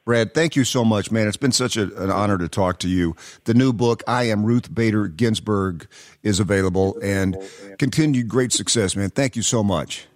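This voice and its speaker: A man's voice: lowish voice, moderate pace. A male podcast host thanking his guest and reading the show's closing credits. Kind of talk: interview host and show outro.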